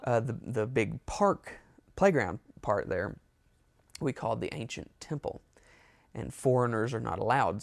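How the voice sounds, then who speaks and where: A man's voice: medium pitch, gravelly, a little mellow, no echo. A man telling a rambling, amused story in a casual storytime monologue. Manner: rambling, amused, with self-corrections. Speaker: storyteller, show host.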